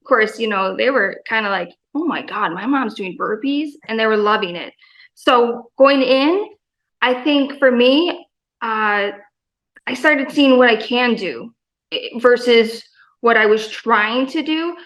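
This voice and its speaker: Enthusiastic rambling woman, fairly high voice. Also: measured pace, a bit bright, rough recording. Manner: enthusiastic, rambling with many fillers. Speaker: guest, gym member. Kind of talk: casual interview chat.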